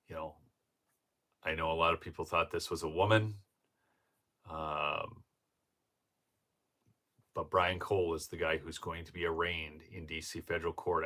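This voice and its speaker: A man's voice: very deep voice, little pitch movement, a little slow, pauses often, sharp tone. A man from northern Minnesota hosting a casual commentary livestream, rambling and chatty with many fillers and restarts. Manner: breaks into laughter while telling stories. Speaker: show host.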